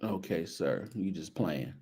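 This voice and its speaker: A man's voice: deep voice, animated, measured pace, mellow, slightly rough. A male show host giving casual, teasing commentary on outfits, sprinkling in churchy phrases. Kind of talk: casual fashion commentary on a video.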